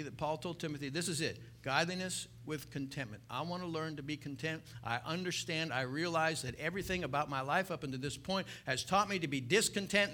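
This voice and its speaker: High, bright-voiced preacher man. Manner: emphatic preaching, swinging from loud exclamation to soft low intensity; asks the congregation rhetorical questions. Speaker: pastor. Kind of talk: sermon.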